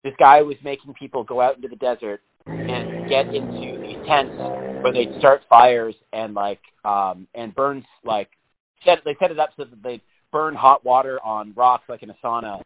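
A man's voice: mid-range voice, normal speed, a little hiss or hum. A man in casual, profane chat, rambling through stories and laughing often. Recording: phone-like narrow band.

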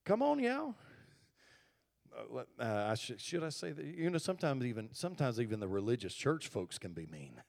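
A man's voice: medium pitch, big pitch swings, moderate pace, vocal fry. A middle-aged male pastor, preaching a sermon in an impassioned, exhorting manner. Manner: impassioned, building to loud exhortation.

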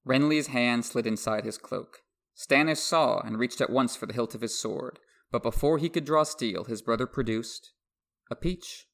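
Gravelly-voiced man reading a novel aloud. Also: mid-range voice, moderate pace, a bit bright. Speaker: podcast co-host.

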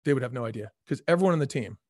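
A middle-aged man, a former restaurant executive, telling stories as an interview guest in an energetic, emphatic way. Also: medium pitch, racing, no room sound, clean studio sound. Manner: energetic, emphatic, acts out quoted people. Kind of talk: casual storytelling in a podcast interview.

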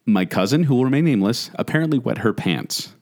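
A man co-hosting a podcast, chatting casually and telling animated stories about childhood toys. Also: medium pitch, fast talker. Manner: animated storyteller, mimics a robotic toy voice. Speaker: podcast co-host. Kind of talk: casual chat.

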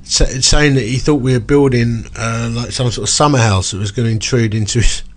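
A middle-aged man telling a story in a casual chat, animated and chatty with lots of asides. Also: mid-range voice, fairly quick.

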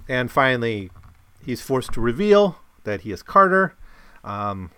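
A man in a casual, rambling discussion of a story he has read, with animated bursts. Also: medium pitch, measured pace, clear, resonant tone. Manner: rambling, many fillers and restarts, animated bursts. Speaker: podcast host discussing a story.

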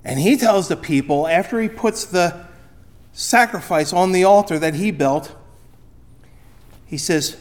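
Man, high voice, pastor preaching, emphatic, loud and soft by turns. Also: a little slow, long pauses. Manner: emphatic preaching, swings between loud and quiet. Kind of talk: sermon.

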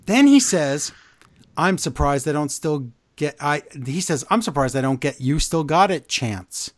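This wrestling podcast co-host talks at a slow pace with no room sound at all. Going over the week's shows in a relaxed chat, he turns animated and exasperated, and his voice rises sharply when he can't believe what happened.

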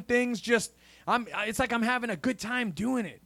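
A man's voice: very high voice, moderate pace, gravelly, bright, forceful tone. A man preaching a sermon in a church, punctuating with a call of "amen?" and a rising preacher cadence. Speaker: pastor.

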